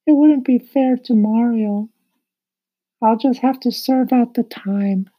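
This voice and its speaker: A man voicing a gentle, earnest young male cricket in an audiobook, sincere and soft-spoken. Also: extremely high pitch, slow, full character voice, low-quality recording. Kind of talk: audiobook character voice.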